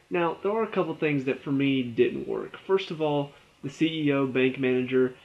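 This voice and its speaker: A young man giving a casual spoken review of a TV episode, chatty and often exasperated. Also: mid-range voice. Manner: chatty, exasperated, rising to animated complaint. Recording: dull lo-fi recording.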